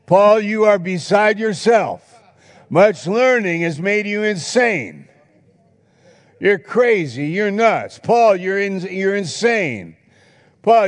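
A preacher shouting as a scornful Roman governor. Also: male voice, high-pitched, voice pushed up. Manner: loud, mocking, yelling insults. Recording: long hall reverb.

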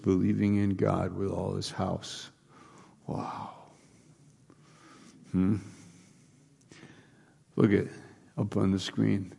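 A man delivers a sermon in a husky, low voice, with frequent restarts as he retells a scripture passage. His delivery is slow and unhurried, with a gravelly edge. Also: darkish tone. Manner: rambling, restarts, reads scripture aloud. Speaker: preacher.

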